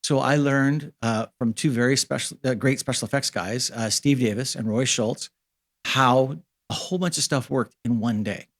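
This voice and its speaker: A man in his fifties from Canada, a guest in an interview, telling stories from his career casually and acting out the dialogue with lively jumps in pitch. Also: normal speed. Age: 50s. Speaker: interview guest, special effects supervisor.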